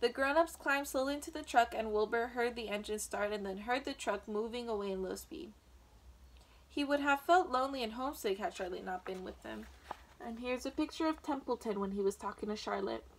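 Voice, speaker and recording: A woman reads a children's chapter book aloud in a gentle teacher's manner, now and then stumbling and restarting a word. Her voice sits a touch high. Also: fairly quick, slight background noise. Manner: gentle, with small slips and restarts.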